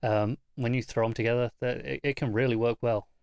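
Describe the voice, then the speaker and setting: A man's voice: medium pitch, steady tone, brisk, darkish tone, smooth, no echo, studio quality. A man co-hosting a TV review podcast in casual chat, often stumbling over repeated words before making an emphatic point. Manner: stammering restarts, emphatic.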